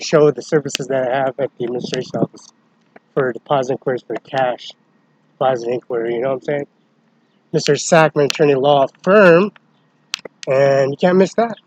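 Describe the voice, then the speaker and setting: Man, middle-pitched voice, disjointed angry monologue, heavy cursing; light background noise. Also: a little mellow, muffled recording. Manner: agitated, rambling, profane, jumping between topics. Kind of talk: rambling complaint monologue.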